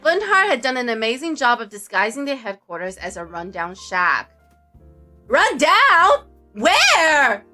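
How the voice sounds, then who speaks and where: Excitable high-voiced woman streamer. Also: fairly quick, hardly any pauses, faint music behind. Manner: excitable, jokey, shouting asides. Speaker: streamer reading a visual novel. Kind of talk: playful game commentary and narration.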